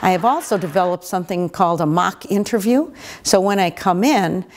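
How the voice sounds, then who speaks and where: A woman's voice: on the low side, expressive, a little fast, darkish tone. A woman talking earnestly about her work in an interview. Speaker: motivational speaker. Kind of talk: interview talk.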